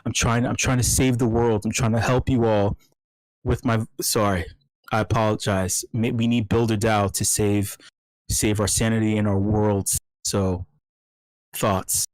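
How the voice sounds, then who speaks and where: A man hosting a meetup, ranting comically in a mock ASMR voice. He is profane, stammers and repeats himself, and swings from hushed talk to yelling. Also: on the low side, level tone, normal speed, no echo, poor audio. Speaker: meetup host.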